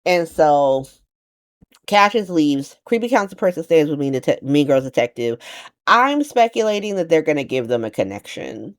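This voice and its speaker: A woman giving a casual, slangy comedic recap of a soap opera, acting out the characters in quick voices. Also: deep voice, very animated.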